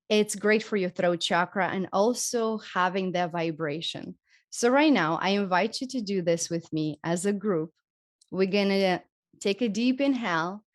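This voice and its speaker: A woman from Europe leading a live group healing session, speaking gently and encouragingly as she demonstrates breathing and voice techniques. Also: on the low side. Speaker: spiritual healing teacher. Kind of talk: live group workshop teaching.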